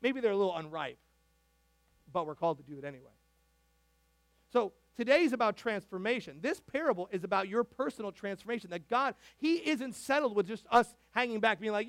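Male pastor, high voice, dry close sound, chatty sermon full of asides. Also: fairly quick, no room sound. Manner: animated, conversational, frequent asides and restarts. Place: church sanctuary.

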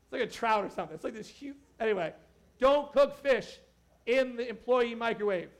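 Male pastor with a high voice; animated, joking, conversational preaching. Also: a little fast. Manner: animated, joking, talks to the crowd with asides. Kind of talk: casual conversational sermon.

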